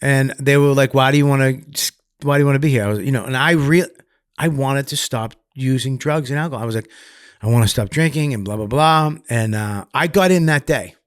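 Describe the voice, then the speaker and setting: Profane, animated New comedian telling a story. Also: male voice, mid-range voice, brisk, clean tone, no room sound, studio quality. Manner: profane, animated, acts out other people's voices loudly. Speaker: comedian guest. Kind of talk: candid storytelling in conversation.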